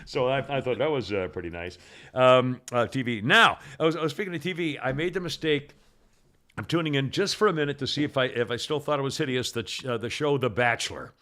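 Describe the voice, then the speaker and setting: A man's voice: medium pitch, brisk, a bit bright. Rambling, laughing older male podcaster. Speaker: podcast host. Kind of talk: casual chat.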